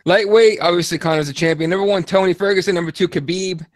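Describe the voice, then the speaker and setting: A man co-hosting a casual sports chat, excitable and swearing freely. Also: sits high, fast talker, dry recording, clean studio sound. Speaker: podcast co-host.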